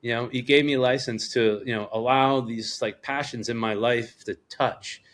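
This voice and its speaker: Medium-pitched and speaking at normal speed, a middle-aged Rhode Island surf shop owner tells a casual story on a podcast. He drifts around, performs the people he quotes, and swears a lot.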